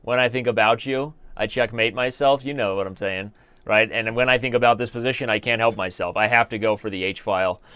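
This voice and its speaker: Joking American chess streamer, dry sound. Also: male voice, mid-range voice, steady tone, brisk, fairly bright tone, clear, resonant tone, no room sound. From United States. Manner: joking, rambling, talks to chat. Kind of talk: live chess stream commentary.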